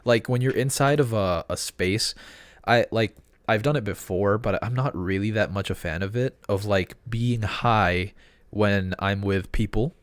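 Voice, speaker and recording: A man's voice: fairly low pitch, measured pace, no echo. A man co-hosting a podcast in casual chat, laid-back and loose. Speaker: podcast co-host.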